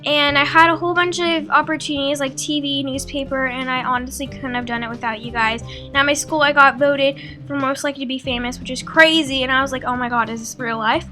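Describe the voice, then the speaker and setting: A teenage girl narrates her life story over a drawing video, with a high, bright voice. She talks in a loose, chatty way full of likes and ums and plays out her own old quotes. Faint music runs underneath. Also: steady tone, brisk, few pauses. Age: teens. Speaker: beauty vlogger.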